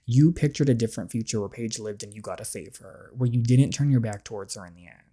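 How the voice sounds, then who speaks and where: A reader voicing a heartbroken teenage girl confessing love, in a soft, hesitant, pleading way, reading a story game aloud. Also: mid-range voice, fast talker, husky, lightly acted.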